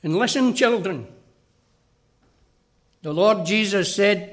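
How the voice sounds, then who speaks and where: A man's voice: very high-pitched, animated, moderate pace, a bit bright. A man preaching a sermon, earnest and direct, speaking straight to the children.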